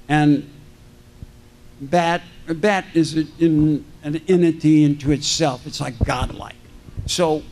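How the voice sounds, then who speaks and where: An older man with a notably high voice tells loose, jokey stories from a convention panel stage. He keeps breaking off mid-sentence and circling back. Now and then he acts out the people he quotes. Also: a little mellow. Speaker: celebrity panel guest. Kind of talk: rambling anecdotal storytelling.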